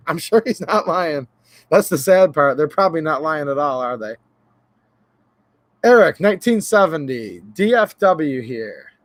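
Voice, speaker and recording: A slightly high-voiced man hosts a relaxed livestream, rambling and joking as he greets viewers from chat. The sound is dry and close, with no room echo. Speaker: gun channel livestream host. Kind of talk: casual livestream chat reading chat names.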